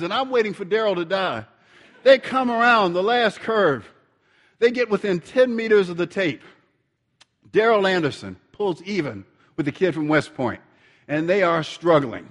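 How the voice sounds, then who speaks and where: A middle-aged man preaching, telling a lively story and acting out the dialogue. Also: high voice, big-room sound. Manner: animated storyteller, acts out dialogue. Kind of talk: storytelling sermon.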